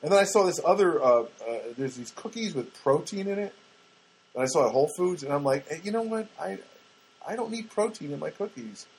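A man's voice: fairly high pitch, animated, brisk, husky, low-quality recording. A man hosting a podcast, telling rambling comic stories in a chatty, self-interrupting way full of asides. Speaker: podcast host. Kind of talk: rambling comic storytelling monologue.

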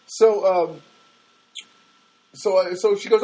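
A man's voice: fairly high pitch, sing-song, measured pace, pauses often, darkish tone, poor audio. A man talking alone in his small studio apartment, telling a rambling, exasperated story for his podcast. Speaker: solo podcaster. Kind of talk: casual monologue.

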